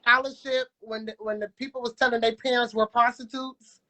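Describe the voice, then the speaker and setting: A woman guest with a high voice chats in loose slang. She teases the others with pointed questions. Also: level tone, brisk, bright, forceful tone. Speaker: panel guest. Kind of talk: casual panel chat.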